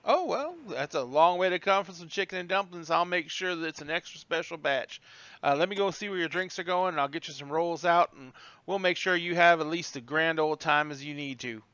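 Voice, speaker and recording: A woman's voice: on the low side, a bit bright, clear, resonant tone, no echo, highs cut off, lightly acted. A man voicing a flirty Southern tavern hostess. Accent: Southern US put-on drawl. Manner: folksy, teasing, unhurried. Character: gregarious small-town tavern hostess, flirty, grown woman.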